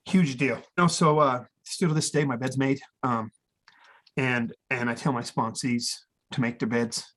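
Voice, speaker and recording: A man's voice: mid-range voice, steady tone, normal speed, fairly bright tone. A man being interviewed as a guest, telling his own story candidly and with feeling, plain-spoken and now and then swearing. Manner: earnest, emotional, acts out quoted dialogue.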